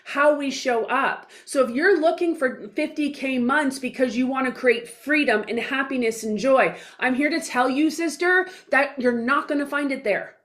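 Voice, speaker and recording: A woman's voice: sits high, fairly bright tone. A woman in her forties speaking as a guest in an interview, blunt and emphatic, with mild swearing and little acted-out dialogues in her stories. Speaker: guest speaker, business coach. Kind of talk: casual interview talk.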